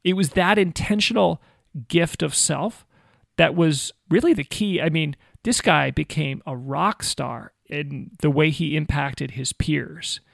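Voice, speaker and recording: A man in his forties, a former missionary, telling a personal story in a casual, animated way with self-mocking asides. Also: on the high side, a little slow, gravelly, dry recording, clean studio sound.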